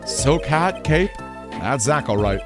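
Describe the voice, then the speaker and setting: A man voicing a young male defense attorney, asking pointed questions in a low, insistent tone. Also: animated, slow, over music. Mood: probing.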